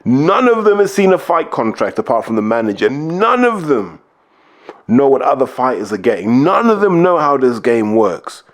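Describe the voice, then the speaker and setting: A man's voice: mid-range voice, sing-song, moderate pace. Blunt man ranting about boxing. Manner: blunt, emphatic, lists points to drive them home. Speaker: podcast host, boxing pundit. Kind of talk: opinionated casual commentary.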